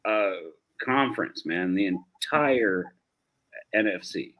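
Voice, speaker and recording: A man's voice: fairly low pitch, slow, a bit bright. A man from the United States co-hosting a casual sports talk show, loose and profane, calling everyone dude and bro. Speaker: co-host.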